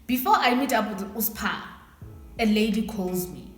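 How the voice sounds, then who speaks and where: A young South African woman casually telling a story time to her viewers, animated and acting out what people said. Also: medium pitch, normal speed. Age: young adult. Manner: animated, switches into Xhosa phrases, acts out quotes. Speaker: vlogger. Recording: echoey room with faint background music.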